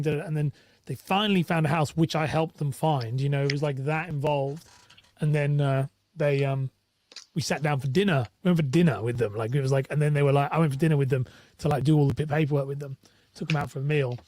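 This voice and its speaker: A man's voice: on the high side, fairly even intonation, fast talker, a little mellow. A man with a British accent, a mortgage broker, chatting casually and telling a rambling, candid story with restarts and the odd swear word. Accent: British English. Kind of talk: casual podcast chat.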